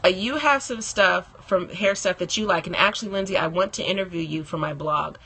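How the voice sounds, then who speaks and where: Beauty blogger, female, live-stream host. Husky, bright tone. Chatty, laughs often, greets viewers by name. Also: on the low side, brisk. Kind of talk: casual live-stream chat.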